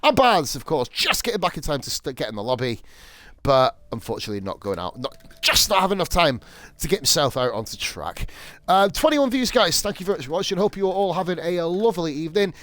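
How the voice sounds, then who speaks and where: A man's voice: a little high, very animated, quick pace, fairly bright tone, no room sound. Sweary, rambling male race commentator. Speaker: sim racing league commentator. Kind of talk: live stream commentary.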